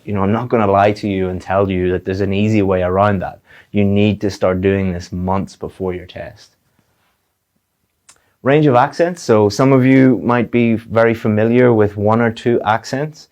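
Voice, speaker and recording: A man's voice: on the low side, darkish tone. A man teaching an exam preparation lesson in a direct way, often repeating words for emphasis. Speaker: IELTS teacher. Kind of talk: video lesson.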